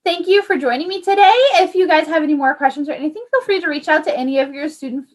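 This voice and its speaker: A young woman, an early childhood paraprofessional, talking parents through calming techniques in a friendly, chatty way with lots of "um"s. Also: sits high, quick pace. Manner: friendly, chatty, many fillers. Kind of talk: informal parent education talk.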